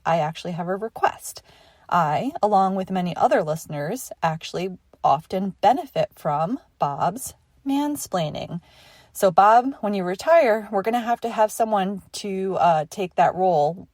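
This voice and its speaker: A woman's voice: on the low side, a little mellow, no room sound, clean studio sound. A woman from New York leaving a wry, articulate voicemail that lightly teases a radio host. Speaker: caller. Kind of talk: voicemail message to a radio show.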